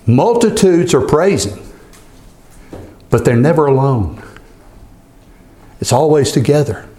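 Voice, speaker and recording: A man preaching a sermon as pastor, talking in a measured way and slowing down when he reads scripture aloud. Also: fairly high pitch, sing-song, dark tone.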